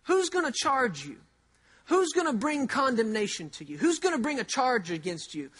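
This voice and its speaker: High-voiced man preaching a sermon. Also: big pitch swings, fairly bright tone. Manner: repeats key phrases slowly for emphasis; conversational, with rhetorical questions. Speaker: pastor.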